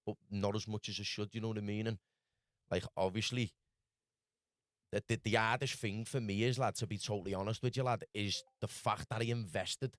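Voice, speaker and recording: A man with a Scouse accent telling his story rapidly in casual podcast chat, peppered with lad and bro. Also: fairly low pitch, steady tone, no room sound, studio quality. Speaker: podcast guest.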